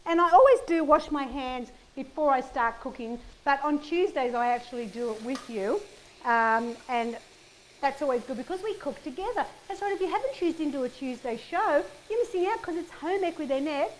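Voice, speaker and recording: Chatty high-voiced woman cooking. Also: a little hiss or hum. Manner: chatty, upbeat, talks to viewers while cooking. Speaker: cooking show host. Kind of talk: casual cooking demonstration. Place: home kitchen. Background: pan sizzling and kitchen clicks.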